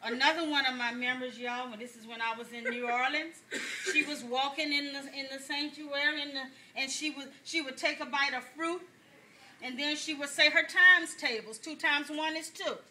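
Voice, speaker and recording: A man's voice: extremely high pitch, normal speed, bright, forceful tone, a little hiss or hum, exaggerated voice. A man playing a chatty older woman pastor, telling folksy jokes to a congregation and laughing along with them. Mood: amused preaching. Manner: folksy storytelling, laughs at own jokes, addresses congregation as y'all. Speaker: pastor giving a message. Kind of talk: stand-up comedy sermon.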